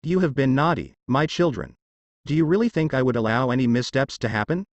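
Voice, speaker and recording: A man voicing a calm, cruel, mocking king of the gods. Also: medium pitch, fairly quick, dry recording, highs cut off, lightly acted. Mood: scornful. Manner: calm, scornful taunting.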